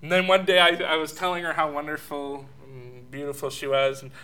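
A man preaching a sermon, telling personal stories with chuckles and at times sinking to a soft hush. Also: a little high, flat delivery, brisk, clean tone.

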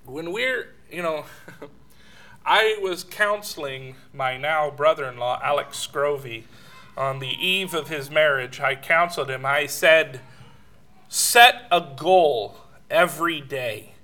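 A man preaching a sermon, telling personal stories with chuckles and at times sinking to a soft hush. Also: fairly high pitch, slow.

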